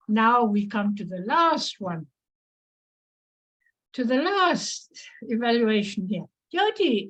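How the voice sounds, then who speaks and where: Slow, polite woman chairing a meeting. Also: on the high side, rough recording. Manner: polite, deliberate, thanks speakers. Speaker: meeting host.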